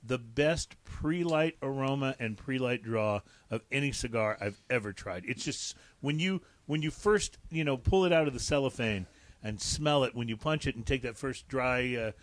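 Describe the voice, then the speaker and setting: A man hosting a casual podcast, relaxed and enthusiastic as he talks about cigars and spirits. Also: medium pitch, normal speed, no room sound. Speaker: podcast host. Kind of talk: casual tasting talk.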